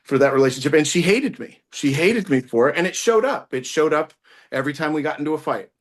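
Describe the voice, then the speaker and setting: A man doing a rambling, self-mocking stand-up set over a video call, with occasional bursts of loud singing. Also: a little high, expressive, fast, a little hiss or hum. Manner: rambling, self-mocking delivery with sudden loud sung bits. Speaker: stand-up comedian. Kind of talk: stand-up set on a virtual show.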